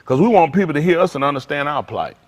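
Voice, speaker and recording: A man preaching informally to a congregation, animated and conversational, acting out little dialogues as he goes. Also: a little high, fast talker. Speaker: pastor.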